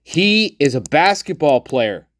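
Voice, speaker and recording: A man's voice: on the high side, very animated, slow, fairly bright tone, no room sound. Guy ranting casually on his show, swears a lot, chuckles, voice jumps up and down, dry close sound. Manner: blunt and profane, chuckling often; talks to the viewer and acts out people he quotes. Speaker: host of a true-crime commentary channel. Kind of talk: casual opinion commentary.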